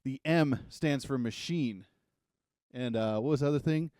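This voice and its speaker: A man's voice: medium pitch, normal speed, a little mellow, clear, resonant tone, no room sound, studio quality. A man giving a casual, joking coding lesson at a whiteboard, rambling into self-deprecating asides and sounding a little out of breath. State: a bit out of breath. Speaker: coding tutor.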